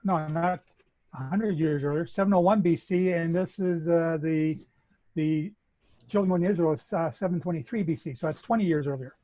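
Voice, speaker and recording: Canadian man lecturing, high voice. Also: normal speed, muffled recording. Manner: methodical, lecturing. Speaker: guest speaker. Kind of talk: explaining bible chronology.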